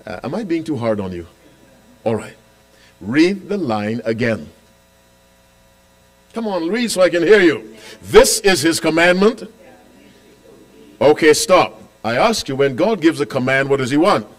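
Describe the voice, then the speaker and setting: A man preaching a sermon as pastor, quizzing the congregation and repeating key lines, with loud emphatic declarations and quiet asides. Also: mid-range voice, big pitch swings, unhurried, pauses often.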